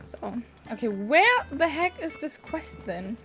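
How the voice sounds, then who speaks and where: A woman's voice: high-pitched, big pitch swings, slow pace, a bit bright, faint music behind. A woman streaming a game who chats and rambles to her viewers while fighting a cold. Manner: chatty and rambling, talks to chat. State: sniffly, getting a cold. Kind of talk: casual livestream commentary.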